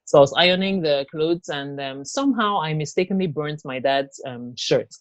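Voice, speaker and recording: A woman telling her own story in an interview, speaking haltingly with many fillers and restarts. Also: low voice, no room sound, dull audio. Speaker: interview guest. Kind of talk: personal testimony in an interview.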